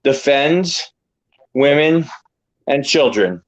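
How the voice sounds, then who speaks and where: A man's voice: medium pitch, lively intonation, drawn-out words. A man chatting casually on a podcast as co-host, trading jokey banter and often stammering over his words. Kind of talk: casual chat.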